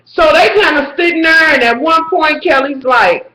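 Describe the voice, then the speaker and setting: A woman in a casual vlog, reviewing a reality show with sassy, profane, animated rants and frequent shouting. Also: high voice, normal speed. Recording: echoey room.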